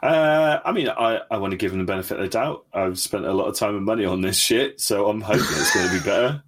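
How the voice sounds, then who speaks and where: A man's voice: on the low side, expressive, quick pace. A man co-hosting a podcast in casual chat, wry and dry, swearing now and then. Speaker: podcast co-host.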